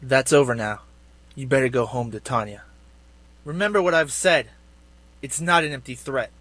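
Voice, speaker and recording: A man's voice: mid-range voice, fairly bright tone, dry recording, lightly acted. An actor playing a smug young man who coldly taunts his former friend in a video game. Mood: taunting. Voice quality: cold, taunting, measured.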